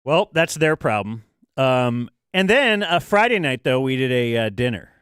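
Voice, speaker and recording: A male talk show co-host rambles through a casual story. He trips over restarts and fillers in a smooth, resonant voice. The studio sound is dry and close. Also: mid-range voice, big pitch swings, normal speed, a bit bright, no room sound. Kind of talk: casual chat.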